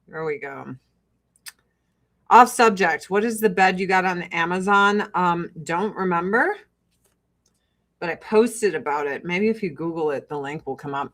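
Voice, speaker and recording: A woman with a Chicago-area Midwestern accent, talking in an unhurried, drawn-out way. She chats casually and bluntly with her viewers, swearing freely and breaking into laughs. Her voice sits at a middle pitch for a woman. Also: fairly bright tone. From Joliet, Illinois. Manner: blunt, profane, laughs often. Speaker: streamer answering viewer chat. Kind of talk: casual chat.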